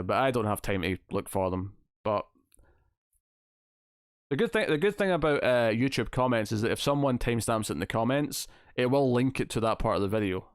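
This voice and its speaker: Reading out comments from viewers, a male livestream host chats and rambles casually, amused by himself and laughing at himself. His medium-pitched voice is smooth, captured with clean studio sound and no room sound.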